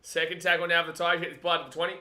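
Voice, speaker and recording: An excitable man hosts a casual live watch-along of a rugby league match, chatting with a mate and now and then yelling at the screen. His voice is sharp and bright, and sits fairly high for a man. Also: very fast.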